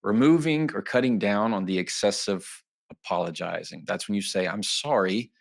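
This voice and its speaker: Lively lower-voiced man explaining ideas. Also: normal speed, creaky. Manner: lively, often acting out little quoted exchanges. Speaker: lawyer and communication guest. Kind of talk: interview answers, explaining and teaching.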